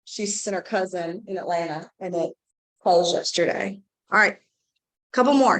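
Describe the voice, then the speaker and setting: A woman with a hoarse, scratchy voice from a cold, hosting a team meeting in an upbeat, chatty, rambling way. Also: fairly low pitch, normal speed. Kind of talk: casual meeting talk.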